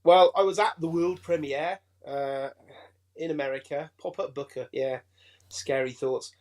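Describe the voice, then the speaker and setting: A man with an English accent, a chatty and excitable guest on a fan show. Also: fairly high pitch, unhurried. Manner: chatty and excitable, laughs easily. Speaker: guest reviewer. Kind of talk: casual fan chat.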